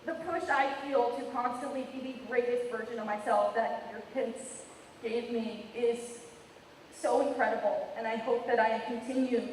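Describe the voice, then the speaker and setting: A teenage girl, the senior class president, gives a graduation speech in a large hall, her voice slightly high and a little mellow. She's emotional and apologetic, laughing through tears, and she's recorded from far off in an echoey hall with slight background noise.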